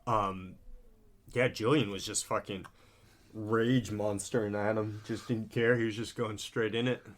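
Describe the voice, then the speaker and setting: A man co-hosting a podcast in casual chat, relaxed and loose, swearing now and then. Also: lowish voice, a little slow. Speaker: podcast co-host.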